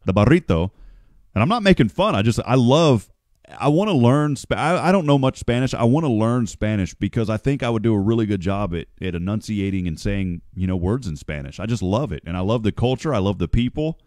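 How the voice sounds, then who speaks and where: A man's voice: on the low side, expressive, a little fast, darkish tone, no room sound, clean studio sound. A man hosting a morning radio show, chatting in a folksy, joking way and calling people "brother" and "man". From United States. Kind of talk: casual radio chat.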